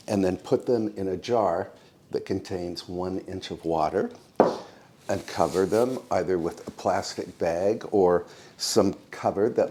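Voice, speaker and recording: A man narrating his own home cooking vlog in a soft-spoken, unhurried and homey way, speaking to his viewers as friends. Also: deep voice.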